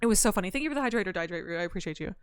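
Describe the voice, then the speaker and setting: A woman's voice: mid-range voice, very fast, clear, resonant tone, no room sound, studio quality. A young woman streamer chatting casually with her chat, telling stories and laughing, with a slightly scratchy throat. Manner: chatty, laughing, reads chat aloud, animated storytelling.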